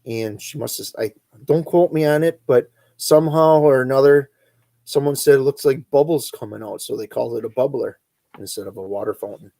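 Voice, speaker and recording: A middle-aged man with an Upper Midwest accent, hosting a relaxed, rambling chat and chuckling as he goes. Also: mid-range voice, a little fast, creaky, no echo. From northern Wisconsin. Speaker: host. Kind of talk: casual chat reading live comments.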